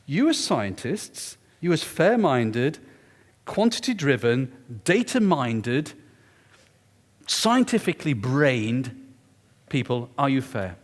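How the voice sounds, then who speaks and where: Animated man lecturing. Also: mid-range voice, takes it slowly. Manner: animated, confiding, emphatic. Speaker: guest lecturer. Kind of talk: storytelling public lecture. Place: lecture hall. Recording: echoey lecture hall.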